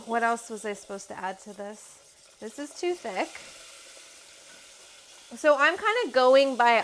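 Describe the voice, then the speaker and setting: A woman's voice: fairly high pitch, a little hiss or hum. A woman from Alberta, Canada, hosting a casual cooking livestream in her home kitchen, chatty and rambling with casual swearing. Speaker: cooking show host.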